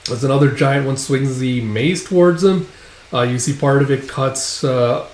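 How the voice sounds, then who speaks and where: A man's voice: medium pitch, normal speed, darkish tone. A man casually recapping a comic book page by page, with loose filler-heavy retelling. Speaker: comics reader and commentator. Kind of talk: casual read-through recap. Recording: roomy echo.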